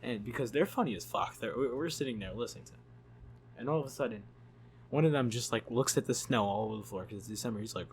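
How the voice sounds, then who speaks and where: A man's voice: mid-range voice, fast, breathy edge. A man telling a story in a casual vlog, rambling, swearing and laughing as he goes. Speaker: YouTube storyteller.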